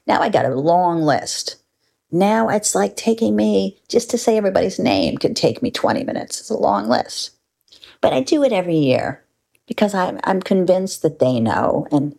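Older woman, low-pitched, creaky, wry candid storyteller, casual and a bit salty. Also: darkish tone. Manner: wry, candid, conversational, with mild profanity. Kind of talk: personal storytelling monologue.

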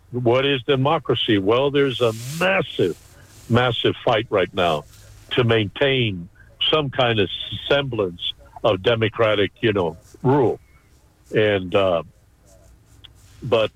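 A man's voice: mid-range voice, no echo, rough recording. Passionate male activist guest. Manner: passionate, many fillers. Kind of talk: radio interview.

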